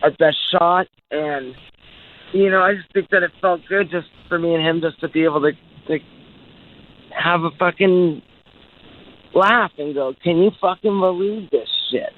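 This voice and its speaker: Guy rambling and cussing in an old interview clip, kinda high voice, sounds like a phone line. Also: measured pace, pauses often. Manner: swears a lot, rambling and searching for words. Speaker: interviewed musician. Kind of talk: casual interview.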